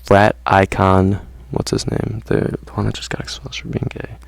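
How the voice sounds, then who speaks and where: A man's voice: sits low, sing-song, normal speed, gravelly, slightly rough, no room sound. A man ranting casually to his viewers in slangy, profane talk, saying "bro" constantly. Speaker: vlogger. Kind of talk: casual rant to camera.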